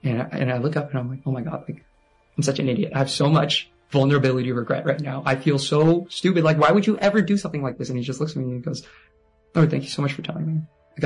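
A young man in his twenties tells a personal story in a rambling, animated way, full of "like" and acted-out quotes. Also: mid-range voice, husky. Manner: rambling, animated, heavy use of "like".

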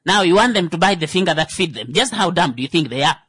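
Male radio host, sarcastic satirical commentary, husky voice, dry close sound. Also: fairly high pitch, expressive, fast, fairly bright tone, no echo. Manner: sarcastic, mock-indignant, stumbling restarts.

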